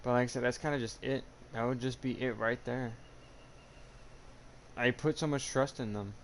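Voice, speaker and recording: A man talking casually in a personal vlog, halting and rambling with many restarts, earnest and confessional. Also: medium pitch, steady tone, slight background noise. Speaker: YouTuber. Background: music playing.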